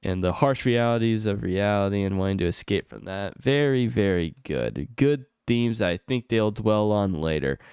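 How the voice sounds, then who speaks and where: A man streaming an unscripted rant about a video game, exasperated and swearing often, his voice climbing high whenever he gets heated. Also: lively intonation, moderate pace, hardly any pauses, a little mellow, smooth, dry recording, clean studio sound. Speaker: gaming streamer. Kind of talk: unscripted ranting stream commentary.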